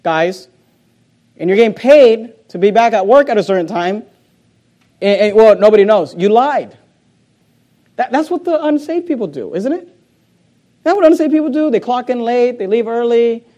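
A man's voice: high-pitched, a little mellow. A pastor preaching a sermon, emphatic and repeating words as he drives his points home.

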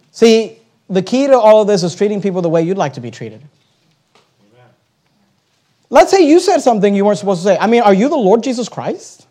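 A man delivers a sermon from the pulpit in a high voice. He swings from soft, earnest passages to loud, lively outbursts and acts out short dialogues between people. He quotes scripture along the way. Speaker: pastor.

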